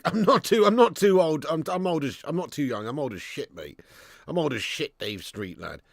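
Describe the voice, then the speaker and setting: A man hosts a live stream in a gravelly, slightly high voice, bantering loosely with his viewers. He reads out their comments and swears freely as he chats. The sound is close and dry. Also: animated, slow, pauses often, no echo. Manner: chatty banter reading out viewer comments, swears and laughs often. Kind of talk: casual live watch-along chat.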